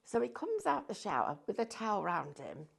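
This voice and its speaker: Lady telling a story on a shopping show, gravelly, voice jumps all over. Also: medium pitch, moderate pace. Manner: animated, laughs through the story. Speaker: shopping channel presenter. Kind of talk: casual storytelling chat.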